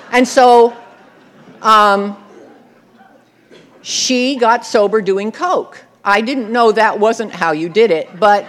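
A woman's voice: mid-range voice, very slow, pauses often. Wry, laughing woman telling her story. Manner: wry, self-mocking, often laughing. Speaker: speaker sharing her recovery story. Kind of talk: personal storytelling talk.

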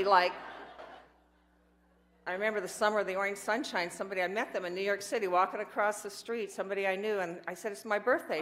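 A woman's voice: mid-range voice, a bit bright. An older woman telling her life story in a candid, rambling way, with self-mocking asides. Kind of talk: personal storytelling talk.

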